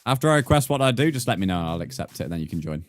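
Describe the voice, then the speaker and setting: A man's voice: sits low, very animated, very fast, slight background noise. A man chatting casually with viewers while streaming a game, rambling and full of crude jokes. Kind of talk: casual live-stream chat while gaming.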